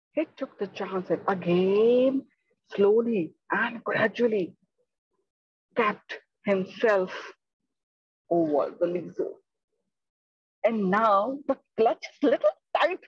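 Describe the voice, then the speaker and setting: Female storyteller, slow and expressive, breathy tone; dull lo-fi online audio. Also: medium pitch, dry recording. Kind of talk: storytelling for children. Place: home, online talk.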